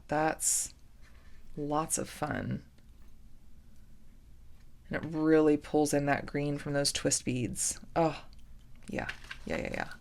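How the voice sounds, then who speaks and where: A woman hosting a jewelry-making unboxing vlog, gushing with excitement and often dropping to a soft whisper. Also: deep voice, vocal fry. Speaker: jewelry-making channel host.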